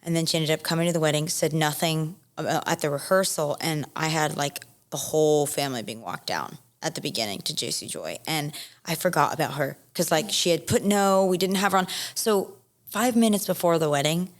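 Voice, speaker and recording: Young woman, lowish voice, animated casual storyteller who acts out the quotes. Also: brisk. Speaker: podcast guest.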